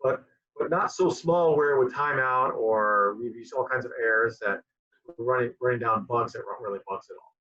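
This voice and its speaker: A man's voice: medium pitch, brisk, sharp tone. A man being interviewed as a guest who rambles and often repeats his words. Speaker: guest, QA director. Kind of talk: conversational interview. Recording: dull lo-fi sound.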